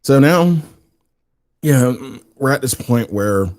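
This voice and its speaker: A man's voice: mid-range voice, expressive, slow pace. A man co-hosting a casual gaming podcast in a laid-back way, swearing casually. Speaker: podcast co-host.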